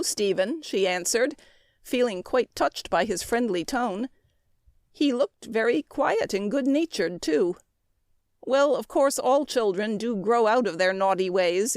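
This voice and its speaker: A woman narrates a classic story in a measured, expressive way, her voice sitting at a mid pitch. The recording is dry and close, with no room sound. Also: no echo. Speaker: audiobook narrator.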